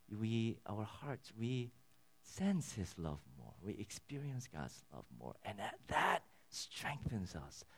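Man preaching, lively rising and falling pitch, earnest and emphatic, drops to a near hush at times. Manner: earnest, swings between loud emphatic peaks and soft low passages. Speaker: pastor. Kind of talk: sermon.

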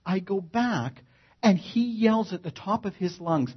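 A man telling a funny personal story in an animated, wry way, acting out the action. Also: high-pitched, moderate pace, breathy edge, highs cut off. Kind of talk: live comic storytelling.

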